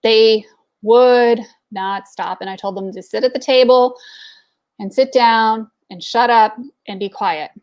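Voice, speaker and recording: A woman's voice: fairly high pitch, moderate pace, lo-fi sound. A woman in her forties telling a candid personal story in casual talk, with plenty of fillers. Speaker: entrepreneur network speaker.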